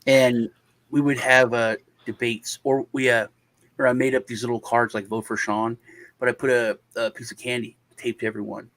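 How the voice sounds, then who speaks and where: A man's voice: mid-range voice, normal speed, dry recording. A man telling a long anecdote on a casual panel show and acting out the other people in it. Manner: animated anecdote-telling, acts out quoted voices. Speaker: panel guest.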